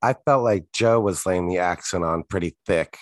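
A man's voice: sits low, normal speed, no echo. A man co-hosting a podcast, chatting casually and wryly about a TV episode, often in brief replies. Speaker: podcast co-host. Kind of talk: casual chat recapping a TV episode.

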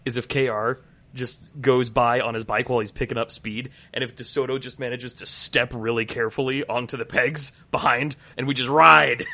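Bright-toned, jokey male tabletop player. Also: medium pitch, fairly even intonation, normal speed, no room sound. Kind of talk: casual tabletop game play.

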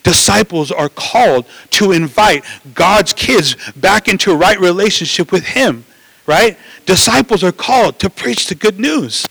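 High, gravelly-voiced man preaching. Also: unhurried, dry recording, poor audio. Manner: animated preaching, acts out voices, many restarts and "right?". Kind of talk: sermon.

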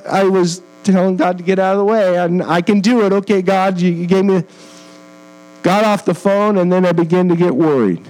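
A missionary preaching as a guest in a church tells a personal story in a storytelling sermon, with earnest feeling and self-deprecating humor. His voice is high, and the recording is rough.

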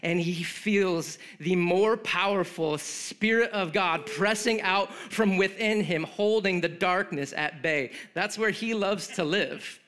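A man's voice: high voice, slow pace, hardly any pauses, fairly bright tone. A male pastor preaching a sermon in a conversational way, with joking asides and frequent "like" fillers.

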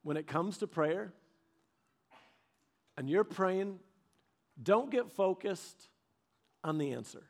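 A man preaching a sermon, telling stories with animated delivery and acting out quoted voices. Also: high voice, takes it slowly, long pauses.

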